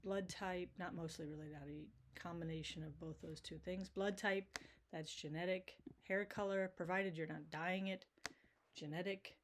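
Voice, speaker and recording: Woman teacher talking thru slides, kinda low voice, says "right?" a lot. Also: fairly even intonation, normal speed, a little hiss or hum. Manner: casual, checks in with frequent "right?". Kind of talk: recorded video lecture.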